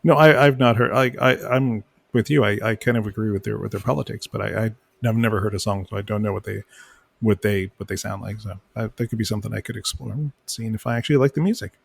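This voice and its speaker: A man's voice: on the low side, steady tone, quick pace, creaky, husky. A man co-hosting a podcast in casual chat who stammers, repeats his words and pokes fun at himself. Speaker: podcast co-host.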